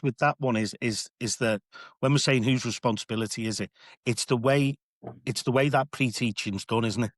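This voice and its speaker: A man's voice: medium pitch, moderate pace, no room sound, clean studio sound. A man, an assistant head teacher, talking earnestly and reflectively in a podcast discussion, often restarting his phrases.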